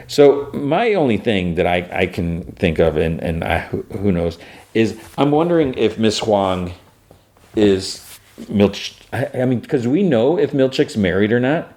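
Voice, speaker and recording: Male podcast host, deep voice, casual scene-by-scene recapper, swaps in "fudge" for swears. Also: lively intonation, a little slow, a little mellow. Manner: breezy retelling of scenes, peppered with "like"; says fudge for swear words.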